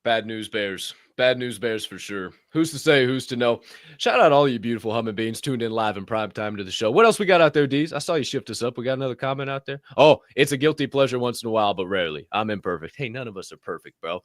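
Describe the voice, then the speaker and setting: A young man hosting a casual podcast, telling stories with swearing and sudden shouted bursts. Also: medium pitch, quick pace, no room sound, clean studio sound. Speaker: podcast host.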